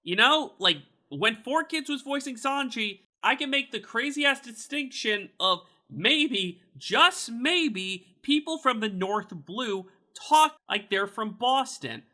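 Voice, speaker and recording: A man hosting a casual podcast chat, animated, incredulous and swearing freely. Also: extremely high pitch, slow, few pauses. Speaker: podcast host.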